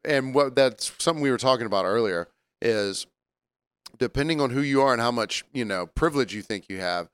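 A man's voice: medium pitch, lively intonation, brisk, fairly bright tone, smooth, no room sound. A man in casual chat, chiming in with quips and mock old-time insults.

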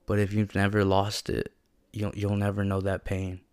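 At a moderate pace and a fairly low pitch, this young man speaks with a totally flat delivery and a slightly mellow, clear, resonant tone. He tells a personal story reflectively, in casual slang peppered with "like," sounding earnest and emotional.

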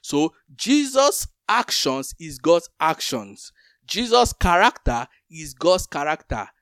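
A man's voice: a little high, big pitch swings, slow, fairly bright tone, smooth, no echo, clean studio sound. A man co-hosting a Bible teaching talk, explaining scripture with everyday comparisons.

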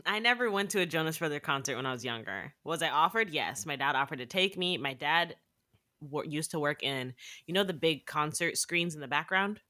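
A young woman with a naturally low voice in casual chat, animated and quick to laugh, her voice jumping up when she gets excited.

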